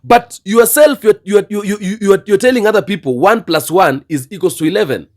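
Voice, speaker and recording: A man's voice: sits high, brisk, a little mellow. A man giving impassioned commentary on the state of his continent, repeating himself and building to fervent, preachy outbursts. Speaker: political commentator.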